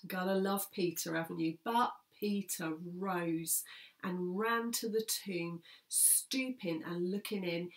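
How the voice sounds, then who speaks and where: Gravelly-voiced woman preaching a sermon. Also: lowish voice. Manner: earnest, emphatic, repeats key phrases. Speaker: pastor.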